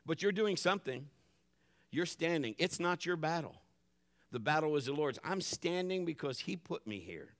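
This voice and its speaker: A middle-aged man preaching a sermon as pastor, animated, acting out his family's voices and dropping to a hush for calm moments. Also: fairly high pitch, moderate pace. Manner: drops to a hushed voice for calm moments.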